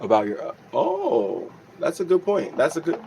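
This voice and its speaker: Young male musician hosting a casual stream, slightly high-pitched, earnest and thankful, reads chat aloud. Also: wildly swooping pitch, normal speed, gravelly, warm tone, a little hiss or hum, rough recording. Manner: reads chat aloud, grateful and emotional, many restarts. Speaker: livestream host and musician.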